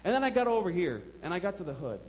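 A middle-aged male pastor telling a story from the pulpit in a fairly high voice, shifting between hushed asides and bursts of excitement. A faint hum sits under the recording. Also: rapid-fire. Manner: storytelling, emphatic, swings from quiet asides to excited outbursts. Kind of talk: sermon.

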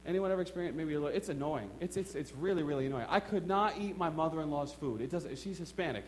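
A middle-aged man preaching a sermon in a church, telling a personal story with emphatic swings between quiet asides and excited outbursts. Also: on the high side, fast talker, a little hiss or hum. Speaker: pastor.

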